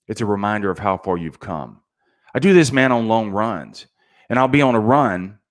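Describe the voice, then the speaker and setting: A middle-aged man delivers a motivational talk in a casual, preachy way, often tossing in "man". His pitch sits in an ordinary middle range. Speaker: sales motivational speaker.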